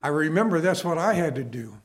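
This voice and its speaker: A man's voice: on the high side, lively intonation, a little fast. A middle-aged man preaching a sermon, telling his own story in a conversational way and asking the listeners questions.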